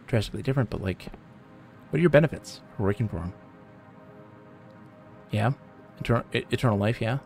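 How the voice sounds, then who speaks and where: Here the man's voice is low, creaky, and somewhat mellow. Streaming a game live, he chats in a rambling, jokey way and talks back to the characters on screen.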